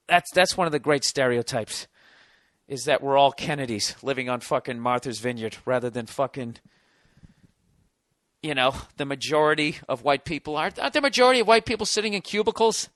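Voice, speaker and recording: A man with a high, sharp voice rants on his podcast, heavy with sarcasm and swearing. The sound is close and dry, with no room around it. He mocks and grumbles his way through a comic monologue. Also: dry recording. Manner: sarcastic, profane ranting. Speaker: podcast host.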